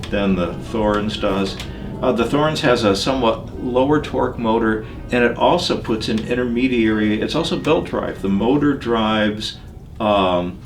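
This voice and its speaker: An older man talking about records and turntables in a relaxed, digressive interview, with many pauses and fillers. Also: on the low side. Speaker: audio magazine editor.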